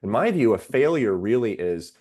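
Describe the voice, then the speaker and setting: A man's voice: medium pitch, sing-song, a little mellow. A man, a psychiatrist guest on a podcast, explaining ideas steadily with worked examples. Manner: measured, lays out ideas with examples. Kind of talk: explanatory interview talk.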